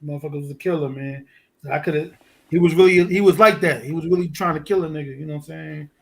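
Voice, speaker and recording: Animated New man telling a story. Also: a little high, quick pace, gravelly. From Fort Greene, Brooklyn. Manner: animated, profane street storytelling. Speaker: guest. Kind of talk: casual storytelling.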